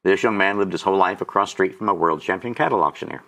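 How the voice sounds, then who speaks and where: Low-voiced guest in his 60s, emotional testimony storyteller who chokes up. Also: fast talker, vocal fry, fairly bright tone. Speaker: guest auctioneer.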